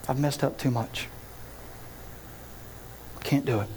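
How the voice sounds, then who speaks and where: A man's voice: mid-range voice, slow pace, darkish tone, a little hiss or hum, natural voice. A man voicing a desperate young man who talks himself into begging to go home, in an anxious, self-pleading monologue. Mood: ashamed.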